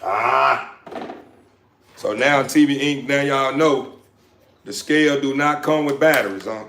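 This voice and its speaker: A man in an echoey room talks loosely to his viewers and his dogs, drifting through repeated phrases in a relaxed drawl. His voice sits at a middle pitch, and faint noise and dog sounds run behind him. Now and then he barks a sharp command at the pack. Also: a little slow. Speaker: dog breeder. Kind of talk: casual live-stream chat with his dogs. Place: indoors with dogs around.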